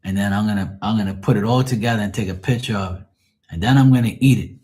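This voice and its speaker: A low-voiced man hosts a live stream and chats to his viewers about food and his day. He swears freely, rambles, and laughs often, in an easygoing, unpolished way. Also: quick pace, a little mellow. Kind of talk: casual live-stream chat.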